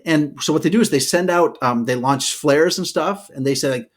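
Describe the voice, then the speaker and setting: A man co-hosting a podcast, telling history as a loose, animated story, full of "okay" and "all right" asides. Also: fairly high pitch, fairly quick, few pauses. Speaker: podcast co-host. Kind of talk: casual storytelling chat.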